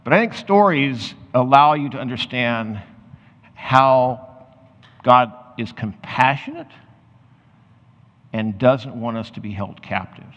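Man preaching in an echoing hall. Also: mid-range voice. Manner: reads scripture aloud, then explains in loose, conversational asides. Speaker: pastor. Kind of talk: sermon. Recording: muffled sound with long hall reverb.

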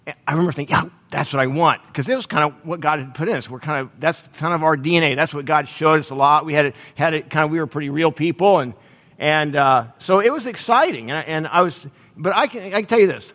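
A middle-aged male pastor preaching a sermon in a conversational, halting way, with restarts and self-deprecating humor. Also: fairly high pitch, fairly bright tone. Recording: long hall reverb.

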